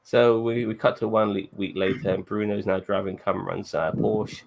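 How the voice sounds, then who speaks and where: A man's voice: on the low side, flat delivery, moderate pace, gravelly, a little mellow. A man co-hosting a podcast, casually recapping an episode in a rambling way with many fillers and restarts. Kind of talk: casual chat.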